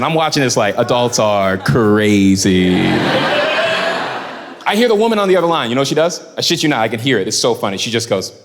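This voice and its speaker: A man performing a stand-up comedy set, telling stories with lively shouting and acting out characters. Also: medium pitch. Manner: animated storytelling, shouting punchlines, acting out characters. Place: large hall before a live audience. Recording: live hall reverb, loud crowd. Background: crowd laughing.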